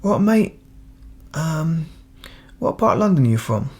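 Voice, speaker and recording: A man's voice: on the high side, sing-song, unhurried, breathy edge, voice pushed up, full character voice. A man putting on a chatty white Cockney man from London, asking questions in a matey, breezy way. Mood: friendly.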